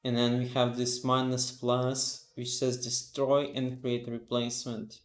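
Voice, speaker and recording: Tired guy streaming, thinking out loud, lots of ums, echoey room, bit of music behind. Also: medium pitch, completely flat delivery, unhurried. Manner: thinks aloud, reads docs aloud, frequent fillers. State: sleepy, yawning. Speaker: live-streaming developer. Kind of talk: casual live-coding stream.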